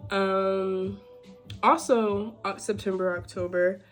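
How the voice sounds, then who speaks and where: A woman in her twenties chatting candidly as a vlogger while getting ready, expressive and swearing freely. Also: mid-range voice, slow pace, faint music behind.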